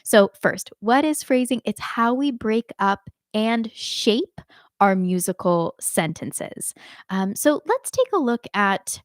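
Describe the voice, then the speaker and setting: A woman giving a live online singing lesson, explaining clearly and demonstrating phrases by speaking and singing them. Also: a little high, very animated, slow pace, dry recording, clean studio sound. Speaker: singing teacher.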